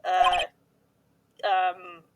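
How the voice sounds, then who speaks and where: A woman's voice: on the low side, completely flat delivery, very slow, far from the mic, heavy background noise, pitched below the performer's own voice. A woman voicing a dry, put-upon young male defense lawyer. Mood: groggy. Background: game music.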